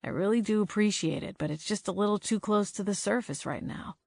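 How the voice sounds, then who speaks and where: A woman narrator voicing a tense young man who speaks softly and hesitantly in an audiobook. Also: mid-range voice, brisk, creaky, no room sound, clean studio sound. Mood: subdued. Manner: soft-spoken, hesitant, subdued.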